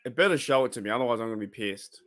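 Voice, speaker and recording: An Australian man chatting away on a live stream while he watches football. His voice sits at an everyday middle pitch, and he rambles, reacts to plays out loud and laughs often. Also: animated, racing. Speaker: livestream host of a football watch party. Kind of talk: casual live-stream chat.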